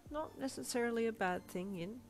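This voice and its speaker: A woman's voice: fairly high pitch, brisk, voice pushed up, natural voice, poor audio. A woman voicing a middle-aged woman school principal who speaks in a restrained, matter-of-fact and wry way, as she reads a fan fiction aloud. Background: faint backing music.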